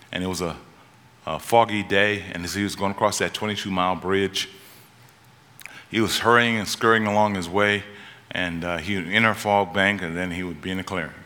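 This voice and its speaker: A man preaching a sermon in a church, his voice lower-pitched but bright and forceful. He tells stories and climbs to urgent, high peaks at the key moments. A long hall reverb trails behind every line.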